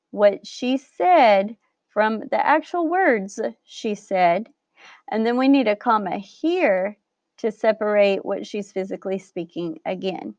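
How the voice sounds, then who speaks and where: A woman's voice: a little high, a little mellow, no echo. A woman teacher giving a recorded grammar lesson, patiently explaining step by step and checking in with "right?". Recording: dull lo-fi dry recording.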